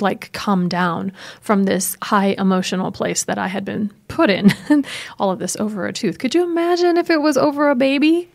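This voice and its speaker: A woman in her thirties, a podcast co-host, tells a personal story in a relaxed, animated way. She laughs often, and her pitch sits in a middle range. She acts out the voices she quotes. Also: vocal fry. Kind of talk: casual conversational storytelling.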